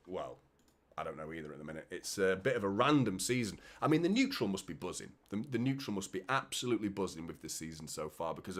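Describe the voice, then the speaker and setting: A man with a Manchester accent hosting a live football watchalong, chatting casually, swearing and reading out viewer comments. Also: medium pitch. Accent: Mancunian. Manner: chatty, swears, reads out comments, frequent "mate" and "do you know what I mean". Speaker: fan channel host.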